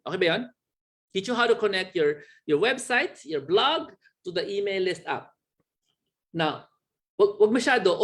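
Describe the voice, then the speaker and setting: A man with a Filipino accent teaching an online business lesson, coaching in an animated way and checking in with quick questions like "got it?" as he walks through numbers. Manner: animated, with sudden pitch jumps and small laughs. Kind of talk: recorded training lecture.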